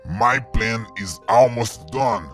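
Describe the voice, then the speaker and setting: A man voicing a gleeful scheming male villain in a fan-made game video, speaking slowly and theatrically with cackles. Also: mid-range voice, faint music behind, natural voice. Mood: gloating.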